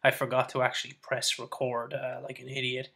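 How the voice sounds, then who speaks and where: A man's voice: mid-range voice, completely flat delivery, a little fast, bright, forceful tone. A man hosting a casual podcast chat, talking in a loose, rambling and heavily profane way. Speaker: podcast host. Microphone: camera microphone. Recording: roomy, distant camera-mic audio.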